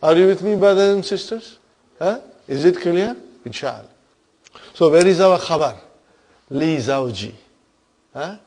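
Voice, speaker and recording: A man's voice: on the high side, animated, unhurried, long pauses, darkish tone. A man teaching an Arabic grammar class, patiently explaining terms and often checking that his students follow.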